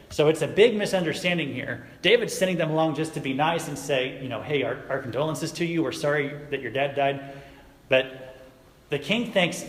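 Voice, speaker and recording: A man's voice: on the high side, a little fast, a bit bright. A man giving a casual youth sermon, retelling a Bible story in everyday words and asking his listeners questions. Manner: conversational, asks the audience questions. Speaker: youth pastor. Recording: echoey hall recording, faint noise.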